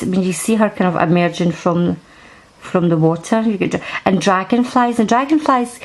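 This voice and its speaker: In poor audio, a woman with a medium-pitched voice talks through a card deck at home. It's a casual show-and-tell review, and she rambles and keeps restarting sentences.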